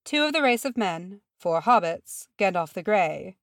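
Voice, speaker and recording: A woman voicing a composed, elegant male elf envoy who speaks in a measured, formal way. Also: medium pitch, expressive, no room sound, studio quality.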